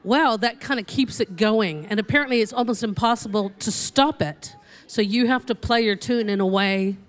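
A woman's voice: on the high side, moderate pace. A woman, a music expert guest, explaining things in a chatty, laughing way. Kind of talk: casual explaining chat.

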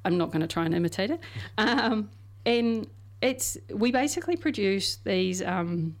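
A woman's voice: mid-range voice, animated, measured pace. Chatty woman explaining science findings. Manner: chatty, explains with everyday examples, many fillers. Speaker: science podcast co-host. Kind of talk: casual science chat.

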